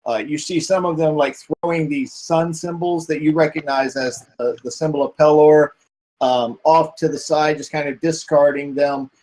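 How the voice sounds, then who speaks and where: A man's voice: on the high side, steady tone, normal speed, darkish tone, rough recording. A man narrating as game master in a hesitant way, with many fillers.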